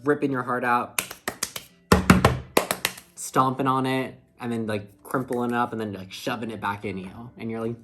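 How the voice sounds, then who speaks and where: Male tarot reader, tired, casual and earnest, lots of fillers, middle pitch. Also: steady tone, normal speed, long pauses, over loud music. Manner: chatty, filler-heavy, heartfelt. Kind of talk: casual tarot reading monologue. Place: indoors under a ring light.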